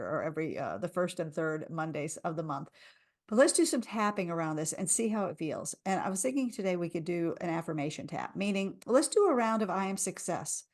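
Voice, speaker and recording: A woman coaching a live tapping session, speaking soothing lines for listeners to repeat. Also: lowish voice. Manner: soothing, leads repeat-after-me affirmations.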